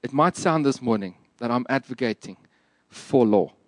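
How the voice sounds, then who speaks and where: A man's voice: mid-range voice, animated, moderate pace, no echo. A man preaching a sermon in an earnest, emphatic and plain-spoken way. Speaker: pastor.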